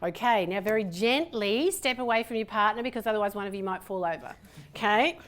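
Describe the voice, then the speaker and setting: A woman leading a group through breathing and humming exercises, a lively, playful instructor who counts slowly and cues each step. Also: medium pitch. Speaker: voice workshop presenter. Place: room with a participating group.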